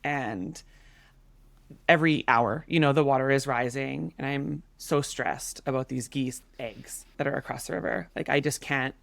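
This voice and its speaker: A woman in her thirties, a podcast guest, telling a story in a casual, animated way with many fillers. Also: rumbling low, moderate pace, vocal fry, no echo. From Canada.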